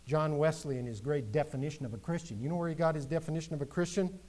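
A man delivering a sermon, his voice sitting a little high. He lifts and presses hard when he recites scripture, then drops back to plain teaching. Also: fast, a little mellow. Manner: preaching with rising, emphatic quoted scripture. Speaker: pastor.

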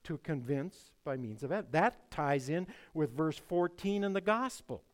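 A male pastor delivers a sermon in a lively, emphatic preaching voice. His pitch sits a little high and moves a lot, and he drops to hushed tones before rising to loud stresses. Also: a little slow.

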